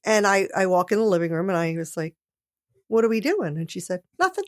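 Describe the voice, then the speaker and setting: A woman's voice: medium pitch, sing-song, a little fast, no echo. A woman co-hosts a casual podcast, telling personal stories and laughing often. Her voice sits in a middle range. The sound is dry and close, with no room behind it. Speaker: podcast co-host. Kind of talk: casual chat.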